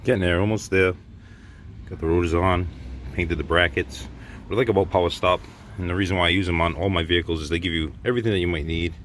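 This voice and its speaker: A man's voice: low-pitched, steady tone, fast, a bit bright, slight background noise. A middle-aged man, joking casually as he works on a car in his garage. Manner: joking, offhand, hands-on while working. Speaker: car repair vlogger. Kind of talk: casual how-to vlog.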